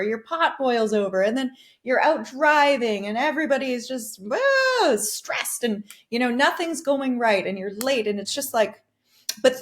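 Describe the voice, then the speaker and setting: A middle-aged woman hosting a wellness podcast, talking in an earnest and casual way at a middle pitch. She often restarts her phrases and slips in soft laughs while she explains calm breathing to her listeners. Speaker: podcast host and wellness coach. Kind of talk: casual teaching talk.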